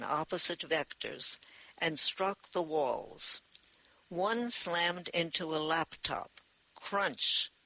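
Slow gravelly man narrating an audiobook. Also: fairly high pitch, pushed and bright, no echo, poor audio.

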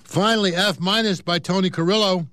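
A man's voice: high-pitched, steady tone, fairly quick, fairly bright tone, no room sound, studio quality. A man reading newspaper articles and comic strips aloud, in a casual way with offhand asides and self-corrections. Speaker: newspaper reader.

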